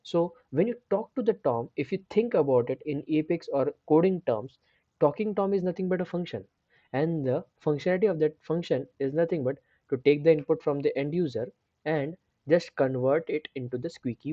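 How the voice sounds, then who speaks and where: A programming tutor hosts a screen-share coding tutorial, explaining step by step and checking in with repeated "right?" and restarts. His voice is fairly high-pitched, and the recording is dry and lo-fi.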